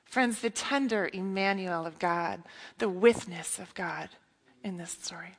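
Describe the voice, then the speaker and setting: A woman preaching a sermon in an earnest, intimate way, often dropping to a hush. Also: fairly low pitch, unhurried. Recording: long reverb of a hall.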